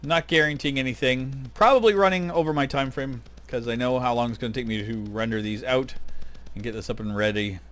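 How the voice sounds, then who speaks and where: A man's voice: mid-range voice, a little fast, a bit bright. A man hosting his gaming channel, talking casually and rambling with lots of fillers while he plays. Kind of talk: casual gameplay commentary.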